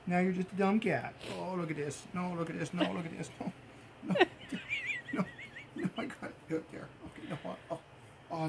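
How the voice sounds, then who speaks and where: A woman's voice: fairly low pitch, fairly even intonation, normal speed. A woman at home talking to her cat while dressing it up, coaxing and teasing in a playful baby-talk way. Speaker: pet owner filming her cat. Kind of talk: casual chat to a pet. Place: home, indoors. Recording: home video with noticeable background noise.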